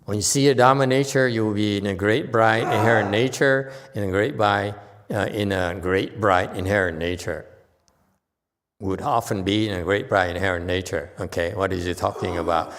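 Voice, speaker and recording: A man giving an unhurried dharma lecture as a Buddhist teacher, often pausing to check in with his listeners. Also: fairly low pitch, fairly even intonation, fairly bright tone, a little hiss or hum. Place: temple hall. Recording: long hall reverb.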